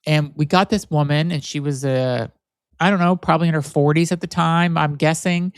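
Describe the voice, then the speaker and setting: A man's voice: on the high side, steady tone, moderate pace, smooth, no echo. A man from Florida hosting a podcast alone, talking casually in a rambling, candid way, often correcting himself and swearing. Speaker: podcast host. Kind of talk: casual solo podcast monologue.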